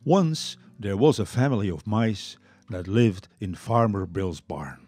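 Lively older man reading a children's story. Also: on the low side, a little slow, husky, no room sound, soft background music. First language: Dutch. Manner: lively, expressive, warm read-aloud.

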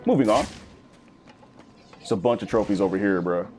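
A man giving casual, slangy let's-play commentary, swinging between high yelps and low growls. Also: fast, soft background music. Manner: animated, slangy, swings into high-pitched bits and deep growls. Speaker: gaming YouTuber.

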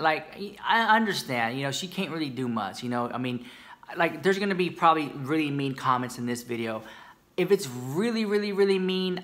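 Bright-voiced sassy chatty man. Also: medium pitch. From United States. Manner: sassy, chatty, keeps calling the viewer girl. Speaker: beauty commentary YouTuber. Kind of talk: casual gossip commentary to camera.

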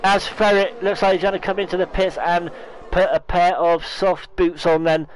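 A man commentating a sim racing league, excitable, correcting himself often, and losing his voice. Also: sits high, a little hiss or hum, low-quality recording. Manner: excitable, talks fast with restarts and self-corrections. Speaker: race commentator.

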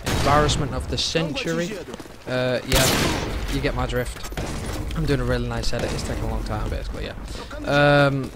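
A young man casually commentating his own gameplay, excitable and sweary, gasping and shouting at what happens on screen. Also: mid-range voice, heavy background noise. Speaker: gaming commentator. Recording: loud gunfire behind the voice.

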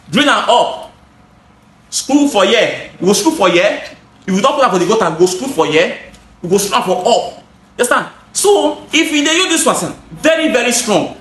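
A man's voice: sits high, fairly bright tone, reverberant, a little hiss or hum. A man with a Nigerian accent, a gutter installer and seller, casually explaining his products to the camera in an emphatic, repetitive way. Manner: emphatic, repeats phrases, switches into pidgin.

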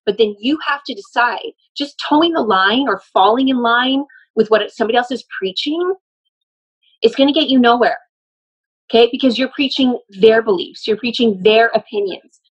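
A woman's voice: fairly high pitch, normal speed, slightly rough, dull audio. A woman working as a medium, earnestly explaining and relaying messages in casual conversation. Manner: earnest, explanatory, often laughing. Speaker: medium channeling a spirit.

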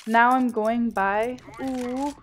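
A woman's voice: fairly high pitch, steady tone, slow pace. A young woman streaming a shooter game, chatting casually and swearing freely into a headset mic, shrieking when she misses a kill. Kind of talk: casual live gameplay commentary. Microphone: gaming headset.

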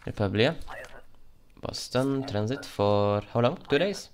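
Slow, playful man doing a mock Russian guard. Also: mid-range voice, lively intonation, a little hiss or hum. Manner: playful put-on Russian-style border guard voice; mutters while reading documents. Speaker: gaming channel host. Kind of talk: let's play commentary.

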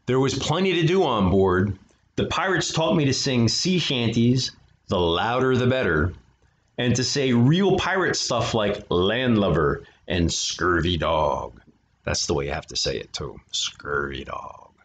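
A man with a mid-range, very animated voice reads a children's picture book aloud at a moderate pace, pausing for chatty asides to his listeners. He's a storyteller for an art studio, captured on a dull lo-fi recording.

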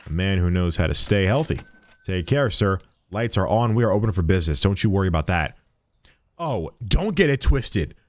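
Lively young man streaming a game. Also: low voice, normal speed. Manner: animated, playful shopkeeper banter with customers. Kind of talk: let's-play commentary.

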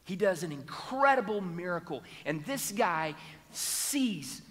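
High-voiced man preaching in a reverberant hall. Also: very animated, takes it slowly, a bit bright. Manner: storytelling, acts out voices of Bible figures. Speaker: pastor. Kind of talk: sermon. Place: church sanctuary.

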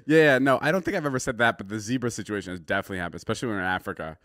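A young man co-hosting a podcast, chatting casually and teasing with quick interjections. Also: on the low side, expressive, fairly bright tone, dry recording. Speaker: podcast co-host. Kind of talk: casual chat.

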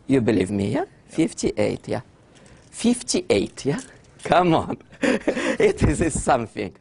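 A husky-voiced man with a Russian accent delivers a lecture, his pitch swinging widely as he acts out exchanges. He speaks English as a second language, dropping articles, and keeps checking in with his listeners. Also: wildly swooping pitch, slow, a little mellow. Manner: non-native grammar, drops articles; acts out dialogues between historical figures. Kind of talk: animated lecture.

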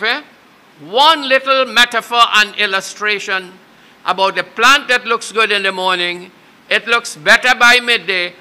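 A man leading a funeral prayer and sermon, earnest and repeating key lines slowly for emphasis. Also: sits high, bright, forceful tone, clean tone. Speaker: minister leading a funeral service. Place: funeral service.

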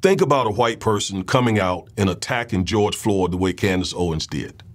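A man's voice: sits low, lively intonation, normal speed. A man hosting a political commentary show, talking in a loose conversational monologue, often repeating words and checking in with his listeners.

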